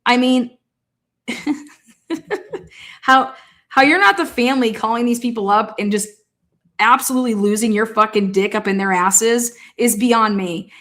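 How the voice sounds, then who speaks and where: A woman talking through a case in a casual livestream, rapid, heated and full of swearing. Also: on the high side, a bit bright. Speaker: true-crime commentator.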